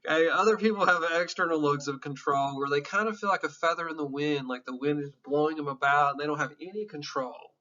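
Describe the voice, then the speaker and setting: A man's voice: a little high, fast, few pauses, pushed and bright, muffled recording. A man in his fifties teaching psychology in an informal, candid and emotional classroom lecture, with some profanity. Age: 50s.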